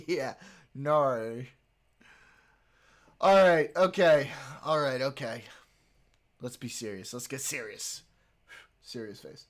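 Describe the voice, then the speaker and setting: A man's voice: on the high side, animated, extremely slow, pauses often. A man streaming live, chatting casually with his viewers, joking, swearing and laughing often.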